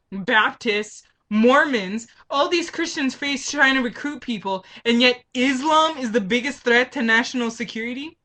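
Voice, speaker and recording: A woman's voice: fairly high pitch, bright, forceful tone. A woman venting to camera in a political rant, heated and frustrated, firing off rhetorical questions. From Canada. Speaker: vlogger.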